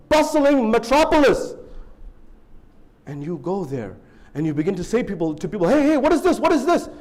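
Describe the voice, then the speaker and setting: A man preaching a sermon in a fairly high, animated voice. He tells the story in waves, dropping low and quiet and then rising sharply, and he acts out the excited questions of the people in it. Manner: storytelling with sweeping rises and drops in pitch and volume; acts out dialogue in an excited raised voice. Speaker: speaker at a religious gathering.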